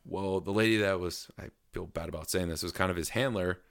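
A man's voice: sits low, brisk, a bit bright. A married man in casual chat, telling stories in an easygoing, slightly sheepish way. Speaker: haunted attraction actor.

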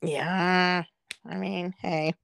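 A woman's voice: on the low side, little pitch movement, extremely slow, gravelly, a bit bright, a little hiss or hum. A middle-aged woman co-hosting a podcast, chatting casually, swearing constantly and laughing as she acts out quotes. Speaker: podcast co-host. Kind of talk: casual chat.

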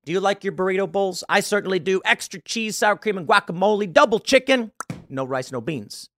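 A man hosting a political commentary show, talking in an animated, rambling monologue full of fillers. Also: high voice, brisk, a little hiss or hum. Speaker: show host.

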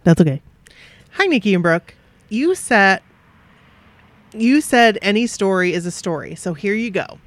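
A woman's voice: mid-range voice, expressive, measured pace, pauses often, no room sound. A woman co-hosting a podcast, chatting casually in a giggly, effusive way and reading listener mail aloud. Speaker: podcast co-host.

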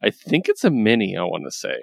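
A young man co-hosting a comics review podcast casually retells a comic book story, laughing a lot and swearing casually. His fairly low voice swoops wildly in pitch, he talks fast with vocal fry, and the studio-quality recording has no room sound.

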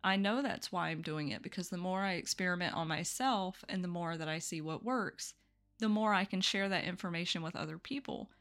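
A woman's voice: fairly low pitch, a little fast, fairly bright tone. A woman hosting a solo spiritual podcast, talking candidly and reflectively, with little laughs between thoughts. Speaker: podcast host.

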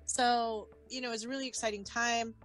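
A woman's voice: fairly high pitch, steady tone, brisk, fairly bright tone, soft background music. A woman telling a personal story as an interview guest, candid and wry, with many fillers.

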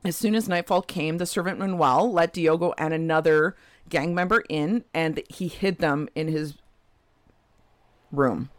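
A woman's voice: sits low, a little slow, dry recording, studio quality. A woman co-hosting a podcast, telling a true crime case in a casual way with frequent laughs and chatty asides. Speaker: podcast co-host.

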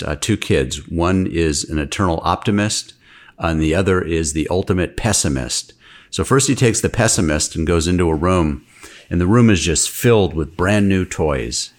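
A man hosts a podcast with a very low voice. He chats casually and tells anecdotes. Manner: chatty anecdote-telling. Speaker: podcast host and physician.

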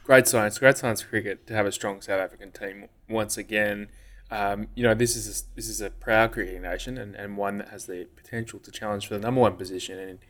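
Rambling Australian man, low voice. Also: steady tone, a little fast, fairly bright tone. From Western Australia. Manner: rambling, frequent "you know" and "um". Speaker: podcast co-host. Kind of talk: casual chat.

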